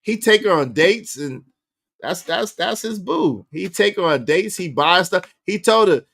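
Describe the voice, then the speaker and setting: Bright-voiced man reacting to clips. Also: high-pitched, unhurried, creaky. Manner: animated, blunt, laughs while talking. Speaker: reaction video host. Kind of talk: casual commentary on clips.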